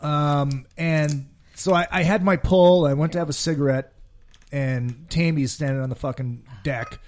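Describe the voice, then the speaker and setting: A man's voice: on the high side, fairly even intonation, a little slow, darkish tone. A man hosting a podcast, telling rambling drinking stories in a loose, swearing way. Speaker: podcast host. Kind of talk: casual podcast chat.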